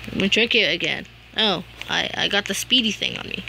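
A woman giving casual gameplay commentary, excitable, humming little tunes and yelping and shouting at other players. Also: medium pitch, fairly quick, creaky, a little hiss or hum. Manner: hums and sings little tunes while playing. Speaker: gamer.

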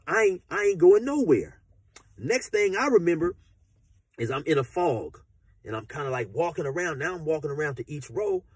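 A man tells a story in a relaxed, slangy way, cursing freely and circling back as he goes. His voice is husky, with a lively, swinging pitch. The sound is dry and close. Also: no echo. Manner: laid-back slangy storyteller, profane, rambling. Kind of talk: casual storytelling.

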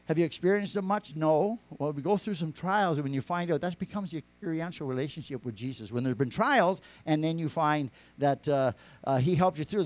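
A man's voice: fairly quick, few pauses, no room sound. Rambling, emphatic male preacher. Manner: rambling, with many restarts and fillers; swings from raised, emphatic lines to quiet, low asides. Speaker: pastor. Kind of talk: sermon.

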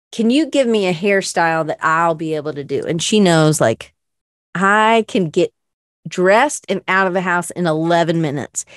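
Chatty, lower-voiced woman podcast host. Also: dry recording, studio quality. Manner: chatty, rambling, self-reflective with fillers. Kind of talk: casual podcast chat.

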